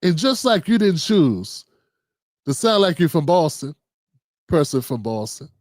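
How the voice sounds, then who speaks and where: A man's voice: on the high side, big pitch swings, measured pace, darkish tone, no room sound. A man from Maryland hosting a livestream, talking casually and often asking "you know what I'm saying". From Maryland, USA. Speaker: livestream host. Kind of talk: casual monologue.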